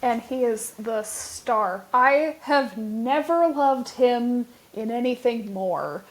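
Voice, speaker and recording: A woman co-hosting a podcast, chatting casually about a film in an animated, emphatic way. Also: on the high side, slow. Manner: animated, emphatic, laughs often. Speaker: podcast co-host. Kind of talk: casual film review chat.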